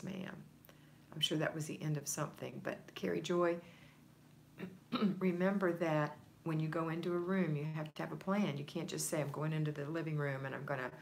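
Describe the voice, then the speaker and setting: A woman's voice: sits low, gravelly, slight background noise. A woman coaching viewers on a livestream, reading their comments aloud and encouraging them in a chatty, conversational way. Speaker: home organizing coach.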